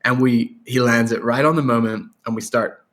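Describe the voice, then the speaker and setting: An Irish man, a guest songwriter, talking in a rambling, animated way in a casual interview. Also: medium pitch, moderate pace. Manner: rambling, animated storyteller with laughs and restarts.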